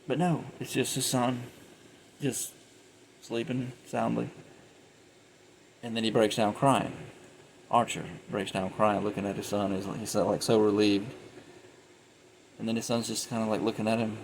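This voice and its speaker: A man's voice: fairly low pitch, fairly even intonation, unhurried, gravelly, pauses often, a little hiss or hum, low-quality recording. A man giving a casual, rambling film review, retelling scenes animatedly and often laughing.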